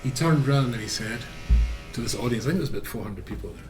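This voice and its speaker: Animated rabbi telling a story. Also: male voice, mid-range voice, quick pace, slight background noise. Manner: animated storyteller with frequent fillers. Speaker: rabbi teaching a class. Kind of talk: storytelling Torah lesson.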